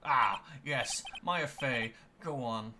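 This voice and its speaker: A man voicing a pompous, evasive old male lawyer with a stately drawl and fussy throat-clearing, over loud game music. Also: medium pitch, slow, background noise, lightly acted. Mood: brusque. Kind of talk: reading game dialogue aloud.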